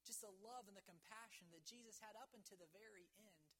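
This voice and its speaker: A woman preaching an evening sermon, earnest, reading scripture slowly and dramatically. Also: mid-range voice, a bit bright.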